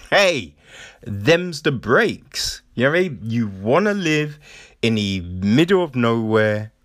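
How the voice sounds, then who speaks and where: A man's voice: mid-range voice, pushed and bright, dry recording, clean studio sound. A man hosting a podcast, ranting casually with heavy swearing and sarcastic mock voices. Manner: profane, sarcastic, mocking voices of others. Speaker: podcast host.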